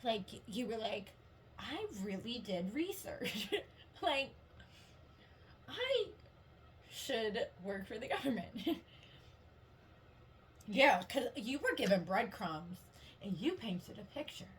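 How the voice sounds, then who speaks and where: Her voice on the high side and sing-song, a tarot reader goes through a casual reading slowly, with long pauses. She's giggly, upbeat and supportive, rambling along and saying "like" often, and there's slight hiss or hum.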